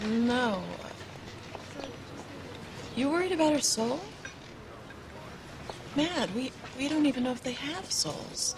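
A calm, devout woman. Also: high voice, slow pace, long pauses, heavily acted. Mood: firm. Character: devout woman, calm and firm in her beliefs. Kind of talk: TV drama dialogue. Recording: TV clip with background noise.

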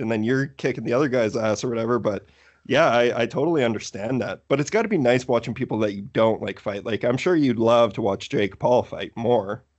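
Easygoing male podcast host. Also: mid-range voice. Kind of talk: casual podcast chat.

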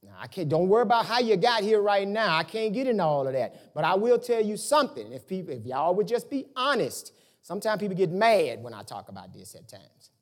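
A man preaching a sermon in a loose, colloquial way, now and then breaking into shouts. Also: sits high, brisk. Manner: animated, colloquial, bursts into shouts.

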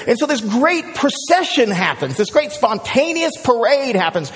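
A male pastor preaching a sermon, who tells the story with lively energy and then drops to a hushed prayer. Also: very high voice, moderate pace, hardly any pauses, in a large hall. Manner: animated storyteller, swings from excited shouts to hushed prayer.

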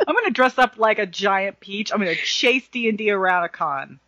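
A woman's voice: mid-range voice, fairly quick, bright, forceful tone, dry recording, dull audio. A woman co-hosting a casual podcast chat, sarcastic and prone to exaggerated outbursts. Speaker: podcast co-host.

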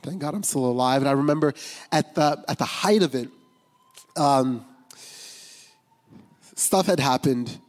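A pastor speaks candidly about his personal testimony in a church sanctuary, conversational in tone and heavy with fillers and restarts. His mid-range voice has a darkish tone, and the large hall gives it long reverb.

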